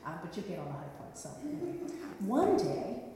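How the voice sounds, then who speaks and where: A woman's voice: medium pitch, sing-song, fairly quick, warm tone, slight background noise. Woman telling an old legend, reflective with little wry asides, big echoey hall, mic far off. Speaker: storyteller. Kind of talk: telling a myth.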